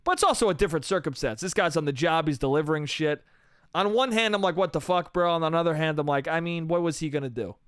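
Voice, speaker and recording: Animated young man telling a profane story. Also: a little high, fast talker, clear, resonant tone, dry recording, studio quality. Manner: profane, animated, slangy storytelling with quoted voices. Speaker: comedian podcast host. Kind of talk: solo comedic storytelling.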